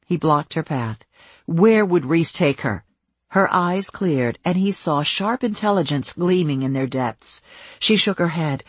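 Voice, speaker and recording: An expressive narrator with a lively, rising and falling pitch that keeps the story moving. The voice has a soft, breathy grain, recorded close and dry with no room sound. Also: measured pace, dry recording. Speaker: audiobook narrator. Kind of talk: scripted narration.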